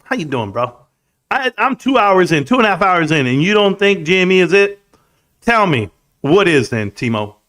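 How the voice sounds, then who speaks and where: A man in his forties hosting a casual live stream, rambling and reading out comments, swinging between loud and soft. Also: high-pitched, very animated, moderate pace.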